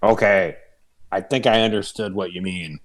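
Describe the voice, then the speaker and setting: A man's voice: low voice, moderate pace. A man chatting as a player in a tabletop game, playful and given to mock-grand speeches. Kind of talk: casual tabletop game chat.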